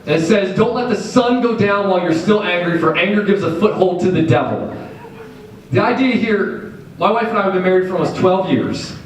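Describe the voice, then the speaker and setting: High-voiced man preaching in an echoey hall. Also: fairly quick. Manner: animated, jokey, acts out quoted people. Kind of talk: sermon. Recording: echoey hall, far from the mic.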